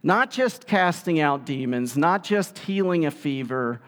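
Animated male preacher in a reverberant hall. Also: on the high side, unhurried. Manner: animated storytelling, acts out quotes. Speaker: pastor. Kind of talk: sermon.

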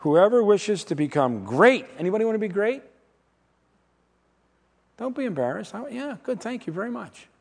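A man preaching a sermon, emphatic and dramatic, swinging from loud declarations to hushed, slow words. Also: sits high, sing-song, creaky. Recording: long hall reverb.

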